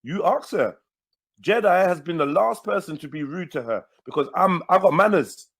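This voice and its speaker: A man from Nigeria arguing forcefully on a livestream, repeating words and cutting in. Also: sits high, expressive, normal speed, breathy edge. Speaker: livestream host. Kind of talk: heated livestream argument.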